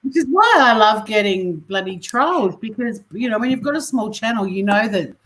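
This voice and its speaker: A woman's voice: medium pitch, expressive, moderate pace, fairly bright tone. A woman co-hosting a podcast in casual chat, blunt and sweary, ranting with energy. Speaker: podcast co-host.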